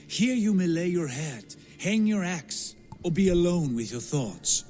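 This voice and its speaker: A man's voice: high-pitched, big pitch swings, a little slow, darkish tone, soft background music. An actor voicing a proud male Viking jarl in a video game, speaking formally and earnestly. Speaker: game character.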